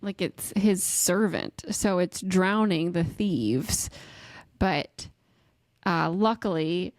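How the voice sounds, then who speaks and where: A woman's voice: lowish voice, slow pace, no room sound. A woman podcast co-host in casual chat, recapping a novel's chapter with frequent laughs and acted-out quotes. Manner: animated storyteller, laughs often, acts out quotes.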